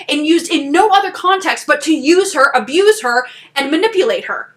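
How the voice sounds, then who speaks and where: A young woman co-hosting a podcast, retelling a story in a casual chat with animated indignation and laughter. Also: extremely high pitch, a little fast, hardly any pauses. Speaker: podcast co-host.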